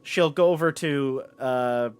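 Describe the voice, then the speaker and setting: A man's voice: medium pitch, smooth. Casual man running a tabletop game. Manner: casual, halting with fillers. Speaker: game master.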